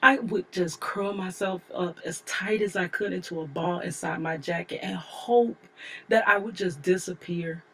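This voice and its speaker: A woman's voice: fairly low pitch, moderate pace, a bit bright. A woman in her forties reading her own memoir aloud as an audiobook, telling it candidly with chatty asides to the listener. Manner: candid storytelling, conversational asides. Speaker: memoir author and narrator.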